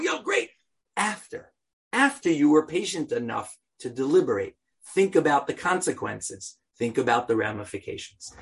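Husky-voiced man teaching a casual class. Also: a little high. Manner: joking, animated, talks to the class directly. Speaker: Torah teacher. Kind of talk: informal Bible class talk.

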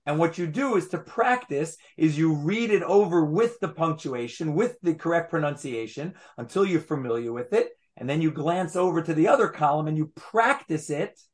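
A man lecturing a study group at an easy pace. his voice sits a touch high, and he comes back to his points, restating them with small asides as he goes. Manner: patient, repeats phrases, fond of asides. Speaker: Torah teacher. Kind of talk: explanatory class lecture.

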